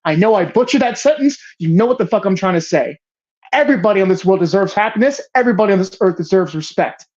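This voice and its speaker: A woman's voice: medium pitch, expressive, fast, a little mellow, highs cut off. Profane, ranting woman movie podcast host. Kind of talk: casual movie discussion.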